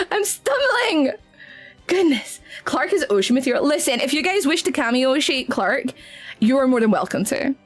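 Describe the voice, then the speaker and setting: A woman's voice: high-pitched, fairly quick, soft background music. A woman with a Scottish accent chatting casually on a live stream as a VTuber, giggly, easily flustered and affectionate toward her viewers.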